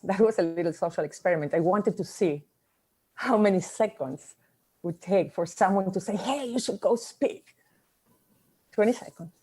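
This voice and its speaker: A woman who speaks English as a second language, giving a motivational talk in a reflective, storytelling manner with pauses. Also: lowish voice, dark tone. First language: not English.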